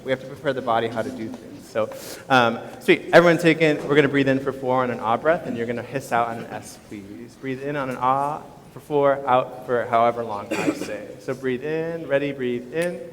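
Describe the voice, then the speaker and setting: An upbeat male choir teacher coaches singers through breathing warm-ups with encouraging instructions. His voice rings out with a long hall reverb, and a large audience murmurs behind him. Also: medium pitch. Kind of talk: leading vocal warm-ups at a concert. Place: school concert hall.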